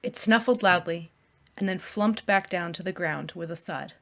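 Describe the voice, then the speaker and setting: A woman, an author, narrating her own first-person adventure novel in a hushed, even storytelling manner. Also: lowish voice, moderate pace, creaky.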